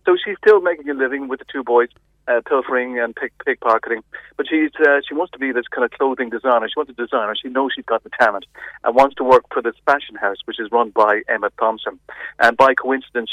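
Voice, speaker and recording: Fast-talking man reviewing films by phone. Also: mid-range voice, no room sound. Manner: chatty, animated, many restarts. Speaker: film reviewer. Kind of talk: casual radio film review. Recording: tinny phone line.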